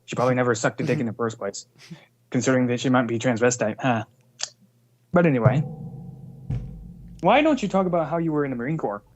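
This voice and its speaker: A man's voice: medium pitch, animated, fast, long pauses, muffled recording, a little hiss or hum. Crude, mocking male co-host. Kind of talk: heated livestream talk show.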